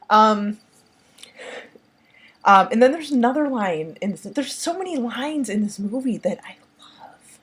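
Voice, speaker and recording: A woman's voice: on the high side, lively intonation, a little slow, pauses often, husky. A woman reviewing a horror film in casual talk. She rambles and gushes, with constant fillers like "like" and "um". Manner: rambling, heavy use of "like" and "um"; enthusiastic, gushing.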